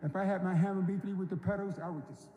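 Older man in his seventies, unhurried folksy storyteller, dark mellow voice, long hall reverb. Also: sits high, fairly even intonation, a little hiss or hum. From North Carolina, US. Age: 70s. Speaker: speaker at an induction ceremony. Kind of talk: storytelling speech on stage. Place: large hall.

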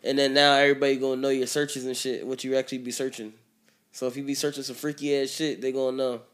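A man's voice: mid-range voice, little pitch movement, fast, fairly bright tone. A man in casual chat, rambling and slangy, laughing often as he tells stories.

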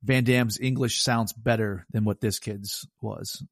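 A man's voice: fairly low pitch, steady tone, a little slow, no echo, studio quality. A man on a podcast as a guest, talking about a film in a puzzled, questioning way. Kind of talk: casual film chat.

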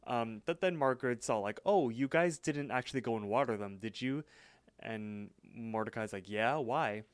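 A man co-hosting a podcast, casually recapping a cartoon episode in a relaxed, rambling way. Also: mid-range voice, normal speed, smooth, no echo. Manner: relaxed storytelling with frequent fillers and laughs. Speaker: podcast co-host.

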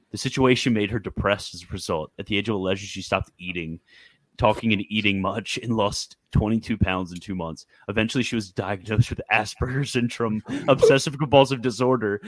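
A man's voice: fairly low pitch, no room sound. A man hosting a casual group chat, reading aloud from his screen and reacting bluntly with frequent laughs. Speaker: host.

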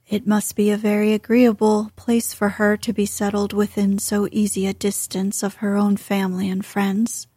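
A woman reading the lines of a reserved, proud young gentleman in a formal, measured way, in an audiobook. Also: medium pitch, completely flat delivery, husky, no echo, clean studio sound, close to an everyday voice.

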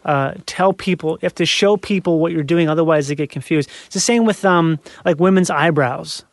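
A man with a notably high voice talks in a loose, rambling way, piling on fillers and breaking into laughs as he goes. The sound is close and dry, with no room around it. He keeps the conversation lively and animated. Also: brisk, no echo. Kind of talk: casual chat.

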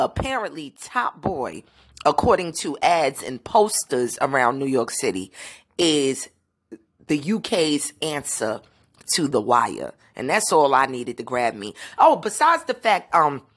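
A woman's voice: deep voice, a bit bright, slightly rough. A woman in her thirties hosting a podcast in candid, enthusiastic casual chat. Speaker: podcast host.

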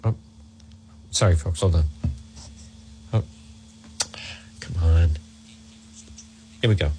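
A man's voice: low-pitched, takes it slowly, background noise. A man hosting a talk radio show, arguing combatively, repeating points and firing rhetorical questions. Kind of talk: opinionated talk radio monologue.

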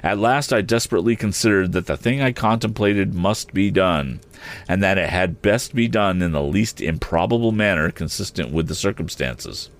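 A man narrating a classic novel as an audiobook, in a measured, steady storytelling manner. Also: low-pitched.

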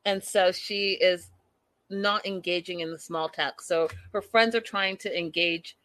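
A woman's voice: fairly low pitch, fairly even intonation, measured pace, a bit bright, dry recording. Young woman recapping reality tv, chatty and disbelieving, dry close sound. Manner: chatty, incredulous, addresses viewers as "you guys". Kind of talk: casual recap commentary.

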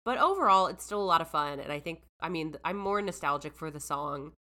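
A woman's voice: sits low, lively intonation, a little fast, bright, forceful tone. A woman co-hosting a podcast, chatting casually with many fillers. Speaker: podcast co-host. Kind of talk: casual chat.

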